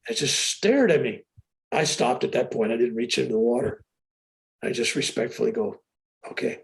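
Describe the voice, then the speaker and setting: An older man telling a story with animated excitement as an interview guest on a video call. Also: medium pitch, normal speed, vocal fry. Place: room with a sheetrock wall.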